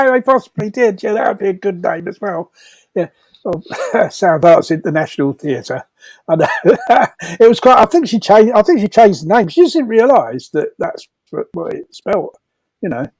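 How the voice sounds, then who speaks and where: A man's voice: sits high, sing-song, a little slow, no room sound. An older man telling rambling stories casually, laughing often and restarting his sentences. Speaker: storyteller at a comedy fundraiser. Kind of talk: casual anecdotal storytelling.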